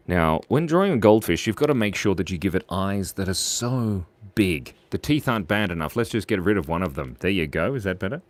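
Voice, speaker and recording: A playful man talks through a live drawing stream, calling out viewers' names. His voice sits low but bounces around a lot in pitch. He goes quiet and murmuring while he concentrates on the drawing. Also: no echo. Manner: playful and animated, reads out chat names and gives shout-outs.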